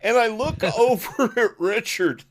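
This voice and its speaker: A man hosting an online podcast, telling stories in a casual, animated way with frequent laughs and quick asides over a voice call. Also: high voice. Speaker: podcast host. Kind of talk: casual storytelling chat.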